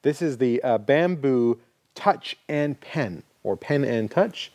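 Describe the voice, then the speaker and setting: A man's voice: medium pitch, lively intonation, slow, darkish tone, no echo. A man co-hosting a casual technology show, joking and rambling as he demonstrates a gadget and corrects himself along the way. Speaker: co-host. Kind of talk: casual tech show banter.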